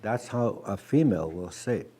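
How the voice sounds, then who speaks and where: A man teaching a language class, patient and gentle, repeating words slowly with many halting restarts. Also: lowish voice, animated, slightly rough.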